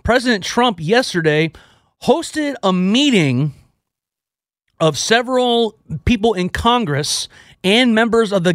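A man from Houston, Texas, hosting a radio show in a casual, energetic, joking style. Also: high voice, dry recording, studio quality. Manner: energetic, joking, self-deprecating.

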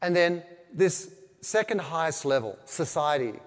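Animated man speaking in a hall. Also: on the high side, measured pace. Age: older. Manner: animated, storytelling with quoted asides. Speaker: keynote speaker on marketing. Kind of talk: business talk to a live audience. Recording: long hall reverb.

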